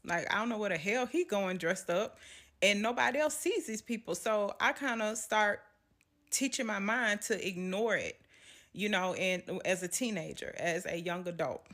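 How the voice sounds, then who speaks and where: Woman, storytime vlog, lively, acts out voices, mid pitch. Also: moderate pace. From Southern US. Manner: animated, laughs often, acts out quotes.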